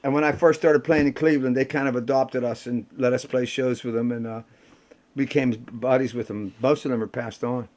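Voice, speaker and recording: An older man, a rock musician bantering with the audience between songs and telling stories in a salty, rough-edged way. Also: medium pitch, steady tone, a little fast, a little mellow. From Pittsburgh. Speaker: rock musician performing a solo show.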